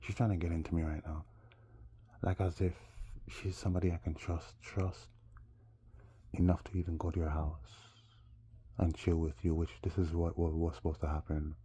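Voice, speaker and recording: A man's voice: low-pitched, flat delivery, moderate pace, dark tone, breathy edge. A man from Jamaica with a Jamaican accent, rambling through a casual story and calling his viewers "people". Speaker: vlogger.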